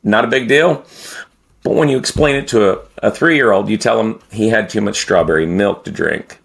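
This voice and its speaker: A middle-aged man, a podcast guest, tells the hosts a rambling, profane story, stopping and restarting often. His voice is on the low side, creaky and husky, at normal speed.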